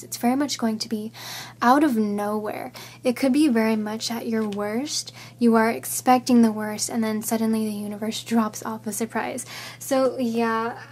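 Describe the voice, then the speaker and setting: A woman's voice: fairly high pitch, darkish tone, slight background noise. A woman giving a casual tarot reading, thinking aloud in a chatty, goofy manner. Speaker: tarot reader.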